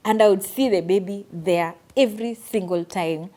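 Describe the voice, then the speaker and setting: Young woman vlogger, earnest and animated as she recounts a personal story. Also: mid-range voice, normal speed. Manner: earnest, animated retelling with quoted asides. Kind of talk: storytime vlog.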